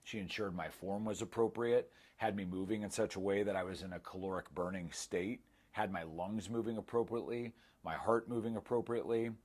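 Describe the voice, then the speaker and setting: Deep husky man telling his story. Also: steady tone, fairly quick, hardly any pauses, darkish tone. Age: 30s. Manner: candid, self-mocking, acts out quoted dialogue. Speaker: former client giving a testimonial. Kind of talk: casual storytelling testimonial.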